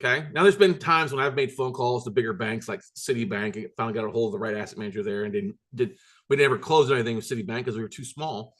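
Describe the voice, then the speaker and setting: A man's voice: mid-range voice, quick pace, a bit bright. A man hosting a recorded business workshop, telling stories in a blunt, emphatic, repetitive way with mild swearing. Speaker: workshop host and note-buying coach.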